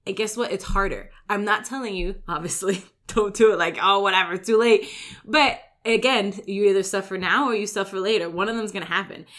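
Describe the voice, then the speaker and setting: Speaking in a mid-range voice with a slight brightness, a woman who runs a gym and coaches there gives an easygoing motivational talk. She fills it with "like" and "right?" and tosses in quick acted-out complaints about daily life.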